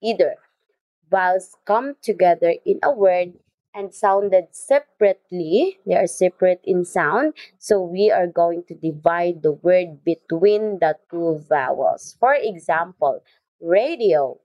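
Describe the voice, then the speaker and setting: A woman's voice: on the low side, measured pace, darkish tone, low-quality recording. A woman teacher giving a phonics lesson in English, repeating each word and spelling out its syllables.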